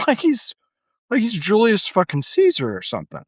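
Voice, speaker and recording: A man's voice: high-pitched, huge pitch swings, normal speed, breathy edge, dry recording. A middle-aged man hosting a podcast, ranting casually with frequent swearing and fillers. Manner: ranting, profane, full of fillers. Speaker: podcast host. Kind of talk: casual monologue.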